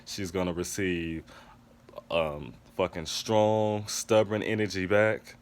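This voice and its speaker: A man's voice: sits low, little pitch movement, takes it slowly. A man giving a casual TV episode review, ranting emphatically with a lot of profanity. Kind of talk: casual recap and review monologue.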